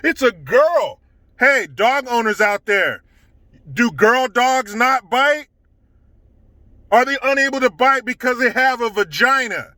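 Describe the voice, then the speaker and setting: A man's voice: very high voice, unhurried, sharp tone, no room sound. A man telling a casual story to camera, indignant and swearing heavily. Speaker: storytelling vlogger.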